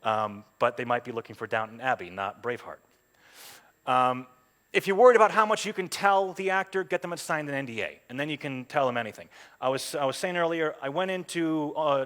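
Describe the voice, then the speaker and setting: A man who works as a voice actor, giving a chatty, anecdotal talk at a game event with lots of ums and quick voiced asides. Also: a little high, a bit bright. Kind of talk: conference talk. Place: stage at a game jam event.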